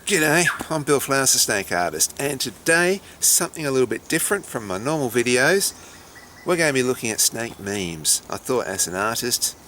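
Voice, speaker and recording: A man's voice: medium pitch, sharp tone, a little hiss or hum. A middle-aged man with an Australian accent, a snake handler giving chatty, dry vlog commentary.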